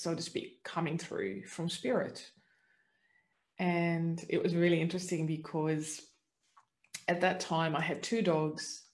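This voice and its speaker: A middle-aged woman earnestly telling her own spiritual story, moving between soft reflection and livelier moments. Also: lowish voice. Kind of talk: personal storytelling.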